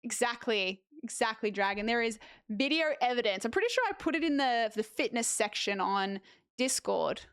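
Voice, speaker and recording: A young Australian woman chatting casually with viewers as a streamer, lively with animated asides. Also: fairly high pitch, normal speed, clean tone, no room sound, studio quality. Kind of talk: casual chat reading viewer messages.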